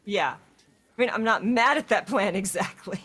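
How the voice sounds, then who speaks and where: Chatty woman cohosting a game stream, middle pitch, lively storytelling. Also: a little slow, breathy edge. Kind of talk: casual chat while playing.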